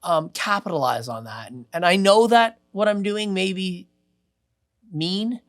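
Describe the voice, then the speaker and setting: A male mentalist being interviewed on a podcast. He tells stories in an animated, boastful way, and his loudness swings often. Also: sits high, unhurried. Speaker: mentalist guest. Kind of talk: animated storytelling in conversation. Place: podcast studio.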